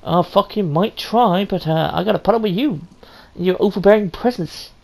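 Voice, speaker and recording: A woman's voice: mid-range voice, normal speed, gravelly, a little mellow. A woman playing a story game on a stream, swearing constantly in brash, jokey commentary. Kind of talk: profane casual gameplay commentary.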